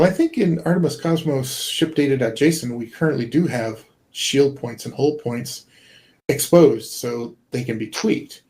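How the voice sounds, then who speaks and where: A man's voice: medium pitch, a little mellow. Man, middle-aged, game developer guest, earnest, rambling, filler-heavy, voice call. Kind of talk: casual conversation.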